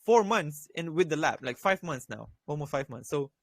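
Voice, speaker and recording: A man's voice: on the high side, lively intonation, moderate pace, dry recording. A young man and student giving blunt, profanity-laden crypto advice in a casual voice chat, repeating his points. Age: young adult. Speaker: crypto trading voice chat host.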